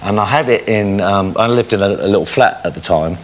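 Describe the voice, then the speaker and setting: A man's voice: on the low side, brisk. A middle-aged man hosting a studio show, teasing a child and spinning tall tales. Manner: teasing, spins tall tales, lively storyteller. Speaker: TV show host. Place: TV studio with a live audience. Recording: loud audience laughter and studio noise.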